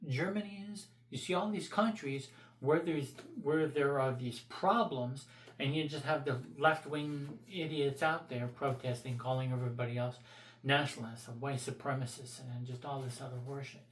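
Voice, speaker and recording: A man's voice: medium pitch, normal speed, echoey room. A man vlogging his opinions in a blunt, profane, rambling rant.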